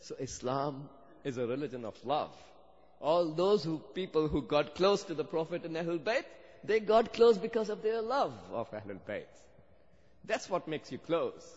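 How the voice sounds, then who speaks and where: A male preacher tells a story, his slightly high voice rising into fervent emphasis. The sound is dull and muffled. A long reverb trails behind him, as in a large hall. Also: lively intonation, normal speed, darkish tone. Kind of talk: sermon.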